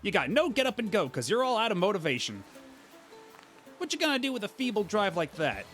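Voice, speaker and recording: A man's voice: high voice, huge pitch swings, fairly quick, fairly bright tone, faint music behind, exaggerated voice. A man voicing a sassy, cocky teen horse-girl rival from a game, brash and teasing. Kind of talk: reading game dialogue aloud.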